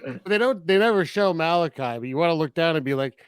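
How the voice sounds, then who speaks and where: Here a podcast co-host discusses a horror film in a relaxed way, full of sarcasm and laughter. He talks fast and animatedly, with a fairly high pitch and a clear, resonant tone.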